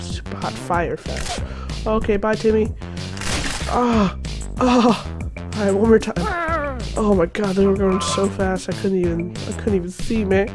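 A man commentating a video game while sick, his voice a little raspy, blurting excited, slangy reactions. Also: high-pitched, unhurried, long pauses, music in the background. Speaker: gaming commentator.

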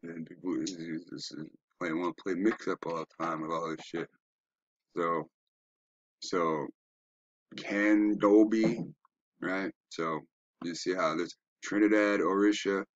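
A man's voice: low-pitched, fairly even intonation, slow pace, pauses often, no room sound, highs cut off. A man giving a rambling, profane, preachy commentary while browsing web pages, asking rhetorical questions. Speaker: online commentator.

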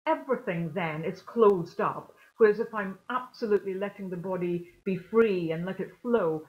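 Reflective woman on a muffled video call. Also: fairly low pitch. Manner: reflective, explanatory, softly emphatic. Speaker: guest percussionist. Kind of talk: online lecture Q&A.

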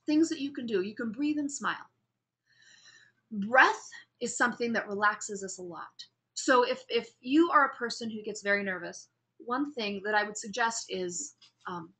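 A woman's voice: fairly high pitch, bright, forceful tone. A woman instructor giving a recorded lecture on public speaking, upbeat and chatty with frequent restarts.

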